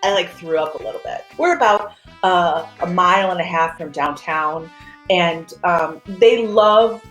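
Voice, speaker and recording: Animated woman in a roomy echo. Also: measured pace, faint music behind. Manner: animated storyteller, acts out quotes with big pitch jumps. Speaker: guest, actor and screenwriter. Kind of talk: casual video-call interview chat.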